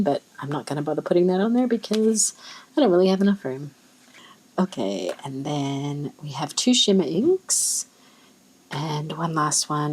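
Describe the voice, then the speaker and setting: An Australian ink-swatching vlogger chats softly while she swatches, musing aloud and quietly exclaiming at each color. Her slightly low voice has a husky, breathy edge, and the recording quality is poor.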